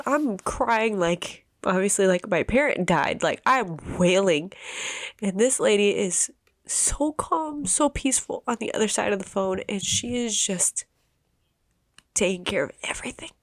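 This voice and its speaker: A woman in her thirties, a podcast host telling a personal story in an emotional, halting way with many restarts. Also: mid-range voice, lively intonation, no room sound, clean studio sound. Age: 30s.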